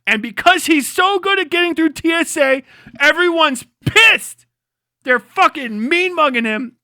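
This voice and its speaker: A man's voice: extremely high pitch, expressive, measured pace, pushed and bright, no room sound, studio quality. A man, the live streamer, delivering a rambling, profane comedic rant.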